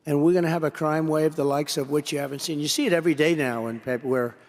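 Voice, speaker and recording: A man delivers a rambling political speech from a podium, circling back to the same phrases again and again. His voice sits a little high for a man and has a gravelly, fry-laden edge. A long reverb from a large convention hall trails behind every phrase. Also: fairly even intonation, fast talker. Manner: rambling, repetitive, digressive. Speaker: political speaker addressing an association. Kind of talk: rally-style political speech.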